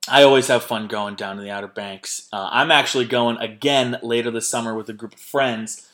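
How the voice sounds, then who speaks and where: A man's voice: mid-range voice, steady tone, fairly quick, fairly bright tone. A young man hosting a podcast in casual, rambling chat, laughing often and swearing freely. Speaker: podcast host.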